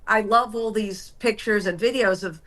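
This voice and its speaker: A woman's voice: medium pitch, normal speed, a bit bright. A middle-aged woman, a former sports anchor, chatting candidly as an interview guest and laughing often. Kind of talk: casual interview chat.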